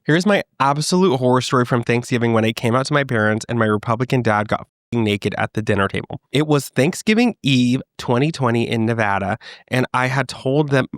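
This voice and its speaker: A young man hosting a solo comedy podcast, chatting in an animated, sassy way and joking with plenty of swearing. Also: medium pitch, no echo, studio quality. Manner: animated, sassy, reacts and jokes freely with swearing. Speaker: podcast host.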